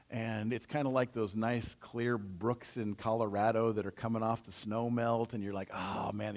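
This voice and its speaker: A male pastor teaching through a Bible passage in a conversational way, retelling it in casual everyday slang. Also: mid-range voice.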